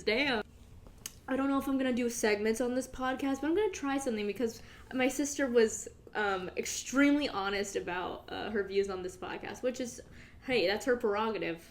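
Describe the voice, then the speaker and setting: Her voice is fairly high and a little mellow as this young woman hosts her own podcast alone. She chats and rambles casually, swearing freely and laughing often throughout the monologue.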